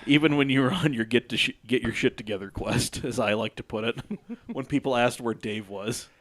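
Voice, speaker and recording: Man, podcast host, casual chat, laughs a lot, swears, mid pitch. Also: a little fast, fairly bright tone. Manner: laughs often, swears freely. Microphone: studio microphone.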